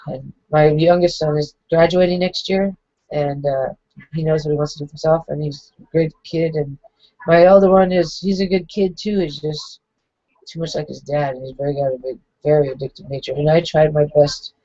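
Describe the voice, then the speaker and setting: A woman in her forties speaks through tears in a halting confessional monologue, her voice flat and level. The sound is dry and close, recorded on dull, lo-fi home equipment. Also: low-pitched, no echo. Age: 40s. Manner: halting, emotional, many restarts. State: crying. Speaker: vlogger.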